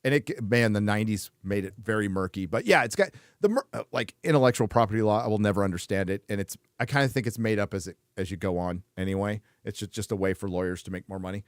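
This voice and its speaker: A man's voice: fairly low pitch, fast, hardly any pauses, dry recording, clean studio sound. A man hosting a casual chat show, blunt and frequently swearing, laughing between remarks. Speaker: host.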